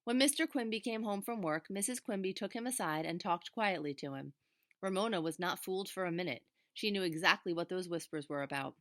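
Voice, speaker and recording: A woman, a teacher, reading a children's chapter book aloud in a steady, expressive way. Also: on the low side, brisk, no echo, clean studio sound. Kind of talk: storybook read-aloud.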